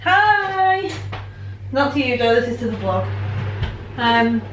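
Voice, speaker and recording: A young English woman in her twenties chatting casually to the camera in her weekly vlog, self-mocking and quick to giggle. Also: fairly high pitch, noisy background. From England. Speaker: vlogger.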